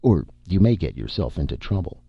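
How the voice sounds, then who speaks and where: A man voicing the calm, meddling ghost of an elderly uncle, measured and mildly patronizing, in an audiobook reading. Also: low-pitched, creaky, slightly rough, dry recording, lo-fi sound, exaggerated voice. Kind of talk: audiobook narration.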